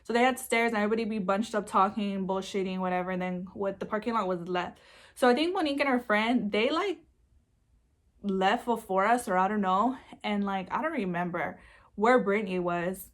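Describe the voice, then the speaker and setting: A woman's voice: medium pitch, brisk. Chatty young woman swearing freely. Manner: chatty, swears freely, many filler words. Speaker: vlogger. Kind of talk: casual storytime.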